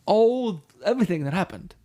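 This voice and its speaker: A man's voice: high voice, lively intonation, normal speed, warm tone. A middle-aged man from Iceland, a rock band frontman whose first language is Icelandic, telling his story frankly and profanely in an interview and acting out the dialogue he quotes.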